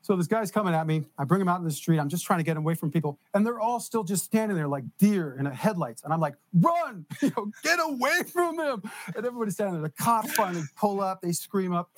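Animated storytelling man, higher voice. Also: quick pace, hardly any pauses, a little hiss or hum. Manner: animated, laughs while telling stories. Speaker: guest. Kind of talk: casual storytelling.

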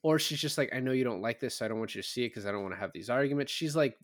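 This is a man chatting on a film podcast, recapping scenes in a loose, rambling way. He quotes the characters as he goes, fills the gaps with "like" and "um", and swears without a second thought. His voice sits at an ordinary middle pitch. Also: expressive, very fast. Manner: retells scenes with quoted lines, lots of "like" and "um"; swears casually. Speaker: podcast co-host. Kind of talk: casual chat.

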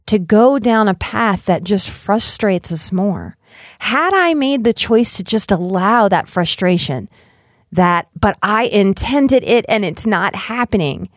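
A middle-aged woman hosting a podcast, talking earnestly and gently about self-care, often building her points through rhythmic lists of short phrases. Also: mid-range voice, dry recording, studio quality. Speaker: podcast host. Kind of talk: reflective self-care talk.

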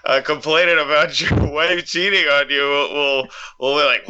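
A man co-hosting a podcast with crude, joking banter. His voice is very sharp and forceful, cutting through the chat. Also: fairly high pitch, normal speed, slight background noise. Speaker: podcast co-host.

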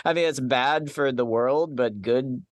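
A man's voice: mid-range voice, a little slow, dry recording, studio quality. A man, a film writer and director, answering interview questions wryly and laughing often. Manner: laughs often, wry and self-deprecating.

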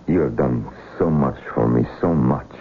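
An actor in a 1970s radio drama playing an earnest foreign-born male doctor who speaks haltingly and formally, without contractions. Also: very deep voice. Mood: troubled. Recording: tinny narrow broadcast with faint hiss.

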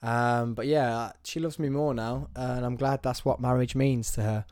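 Young man, solo studio vlogger, animated storyteller, dry close mic. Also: medium pitch, normal speed, no room sound. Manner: chatty and animated, playful storyteller. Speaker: podcast host. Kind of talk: casual solo vlog to camera. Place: small studio.

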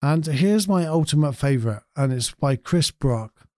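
Guy reading out comments and musing on them, warm low-key voice, dry close sound, chuckles a lot. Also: lively intonation, measured pace, no echo. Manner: reflective, chuckles often. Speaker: host reading viewer comments. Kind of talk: casual chat reading comments aloud.

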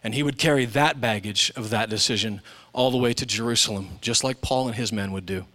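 A man in his forties preaching a sermon in a church, animated, dropping soft and low, then jumping to loud, high impressions. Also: fairly quick. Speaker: pastor.

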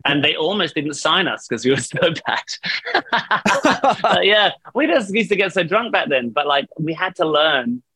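Casual man, rambling storyteller with a bright, slightly high voice; video call. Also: very animated, measured pace, husky, no echo. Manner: rambling storyteller, laughs often, swears. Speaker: band vocalist, guest.

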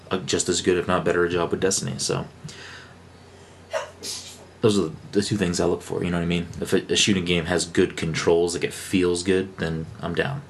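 Male podcast co-host, very low voice, rambling and excitable, faint background hiss. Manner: rambling, excitable, many fillers and restarts. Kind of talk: casual chat.

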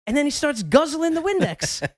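A man's voice: very high-pitched, big pitch swings, moderate pace, no echo. A man hosting a casual podcast, telling a story in a loose, rambling way full of fillers and restarts. He speaks close to the mic, and the sound is dry. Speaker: podcast host.

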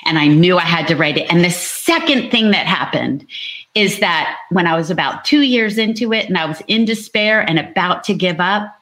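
A woman, an author guest on a podcast, telling how her book began in a quick, laughing way. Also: on the low side, expressive, fairly bright tone. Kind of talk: casual podcast chat.

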